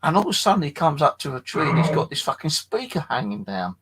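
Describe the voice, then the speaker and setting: A tired man streaming late at night from his flat, telling a rambling, sweary story and chatting to viewers. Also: on the high side, fast talker, breathy edge, poor audio. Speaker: paranormal live streamer. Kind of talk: casual late-night live stream chat.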